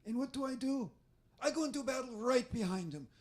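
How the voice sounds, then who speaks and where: A tough, no-nonsense former commando turned voice therapist, scolding in clipped, broken phrases with a thick put-on accent, as a man with a strained voice mimics her. The voice sits very high for a man. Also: animated, a little fast, darkish tone. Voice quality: strained, breathy. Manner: brusque, declarative, heavy foreign accent put on.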